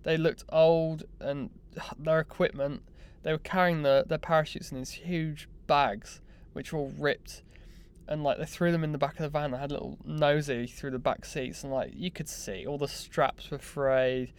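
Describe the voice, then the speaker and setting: A young man telling a personal story in a casual, animated, self-mocking way. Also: a little high, moderate pace, smooth. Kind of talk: casual anecdote monologue.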